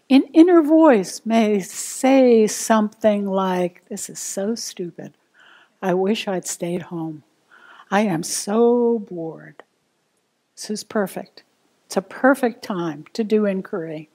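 A woman meditation teacher, giving a gentle, unhurried dharma talk to a group. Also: on the high side.

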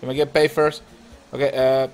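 A man hosting a gaming channel, chatting excitedly and laughing as he comments on a mobile cooking game. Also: mid-range voice, moderate pace. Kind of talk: casual gameplay commentary. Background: game music.

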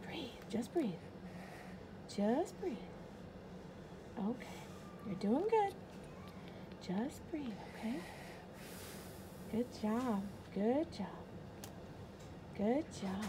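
A woman's voice: on the high side, lively intonation, extremely slow, long pauses, background noise. A woman vlogging at a hospital clinic, talking a child through a procedure in a soothing, repetitive way. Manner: soothing, coaching breaths, repeating herself. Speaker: parent vlogger. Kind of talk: vlog chat and soothing a child.

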